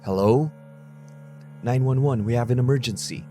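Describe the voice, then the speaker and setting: A man's voice: mid-range voice, big pitch swings, moderate pace, faint music behind, pitched above the performer's own voice, natural voice. A man voicing a terrified young woman pleading for help on an emergency call, her voice shaky and desperate.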